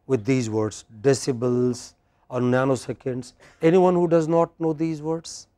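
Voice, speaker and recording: A man with an Indian English accent lectures in a university classroom, stressing words slowly and firing questions at the class. His voice is mellow and a touch high, and the sound is dry and close. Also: no room sound. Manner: slow, emphatic, quizzing students.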